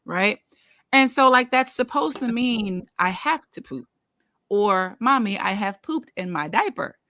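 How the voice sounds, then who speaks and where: Woman panel guest, animated storyteller, dry close recording. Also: mid-range voice, unhurried, no echo. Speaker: brand strategist and podcast guest. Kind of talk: casual storytelling.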